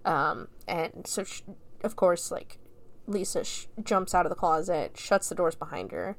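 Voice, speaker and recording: A woman's voice: on the low side, measured pace. A woman reviewing a film in a casual spoken recap, chatty and rambling, with constant "like" fillers and frequent swearing.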